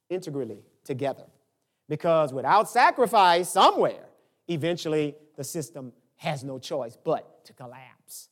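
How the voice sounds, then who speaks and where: An older man preaching a sermon, dropping into quiet asides and rising to emphatic peaks. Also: a little slow. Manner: animated preaching, swinging from low asides to high emphatic peaks. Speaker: pastor.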